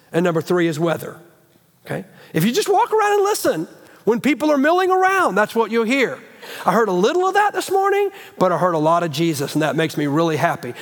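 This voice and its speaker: Animated high-voiced preacher in a reverberant church. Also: male voice. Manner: animated, folksy, with many restarts. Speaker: guest preacher. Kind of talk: sermon. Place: church sanctuary.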